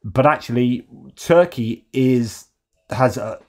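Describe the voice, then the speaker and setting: A man's voice: mid-range voice, animated, slow, darkish tone. A man from the UK hosting a casual news commentary show, talking loosely with sarcastic, mocking asides. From United Kingdom. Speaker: host.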